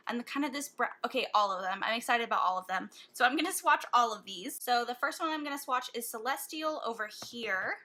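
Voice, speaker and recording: A woman beauty vlogger swatching eyeshadows in a casual vlog, gushing and excitable, with gasps of delight. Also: a little high.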